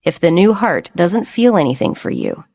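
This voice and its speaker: A woman voicing a gravely ill young man who speaks gently and solemnly. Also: lowish voice, huge pitch swings, moderate pace, exaggerated voice.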